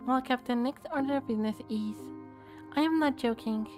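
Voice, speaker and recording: A woman's voice: high voice, brisk, darkish tone, faint music behind, natural voice. A woman voicing a frantic, wide-eyed male expedition crewman who talks in breathless, urgent bursts.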